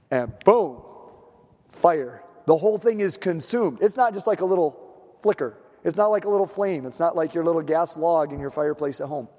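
A male pastor preaches a sermon in a large hall, telling the story with animation and acting out the scenes. His voice is on the high side, and he keeps a moderate pace.

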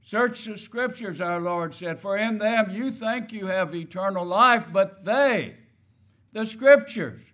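A man's voice: high voice, animated, slow, bright, forceful tone. A man preaching a sermon, stressing key words and asking his listeners rhetorical questions.

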